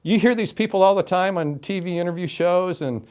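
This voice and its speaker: A middle-aged man from Florida, an interview guest telling his story with animated, emphatic delivery and acted-out quotes. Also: sits high, moderate pace, hardly any pauses. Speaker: interview guest, game show announcer.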